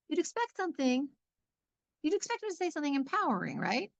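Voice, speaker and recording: A woman giving a conversational Bible lesson, speaking in a chatty, lively way with lots of fillers. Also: high-pitched, fast talker, vocal fry, no room sound, lo-fi sound. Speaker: Torah teacher.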